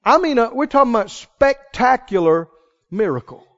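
A man preaching a sermon dramatically, asking the congregation questions and swinging between loud exclaims and hushed lines. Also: extremely high pitch, big pitch swings, normal speed. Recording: dull lo-fi sound.

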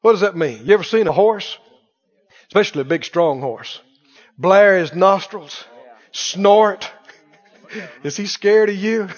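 A male pastor preaching an animated sermon, laughing often and drawing his words out. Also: high voice, measured pace, pauses often, dull audio, faint music behind.

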